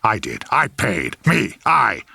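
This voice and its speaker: A man's voice: on the low side, wildly swooping pitch, slow, creaky, bright, forceful tone, breathy edge, dry recording, full character voice. A man voicing a possessive, rage-prone old grandfather who snarls and roars over a baby. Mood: raging. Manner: doting then roaring, snarling.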